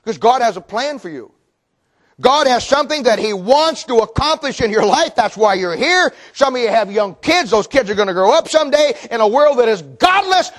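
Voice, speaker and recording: A male preacher delivering a sermon in a very high voice. He talks in an animated, storytelling way, acting out the people he describes. He often stumbles over and repeats words as he builds momentum. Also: normal speed.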